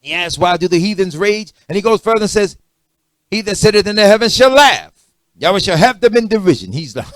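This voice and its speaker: A man preaching a sermon moves between quiet, conversational asides and loud, emphatic declarations, checking that listeners are keeping up. His voice sits high and he's animated and a little fast, captured in a dry recording.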